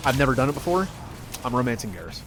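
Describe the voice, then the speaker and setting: A man streaming a video game, chatting casually and excitably, yelping and laughing as he plays. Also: mid-range voice, rapid-fire, over music. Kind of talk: casual gameplay commentary.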